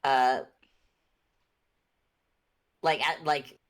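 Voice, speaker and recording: Woman player, very deep voice, unsure casual talk. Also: steady tone, drawn-out words. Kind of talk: casual chat.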